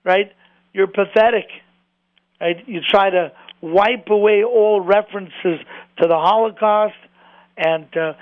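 Brief: high-pitched male rabbi, fervent sermon delivery, dry close sound. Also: fairly even intonation, takes it slowly, no echo, dull audio. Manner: fervent, repeats words, rises in pitch when stirred. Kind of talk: impassioned sermon.

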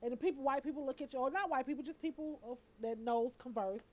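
A high-pitched woman holding forth in a relaxed group chat. She talks with opinionated energy and loose, slangy phrasing. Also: fast.

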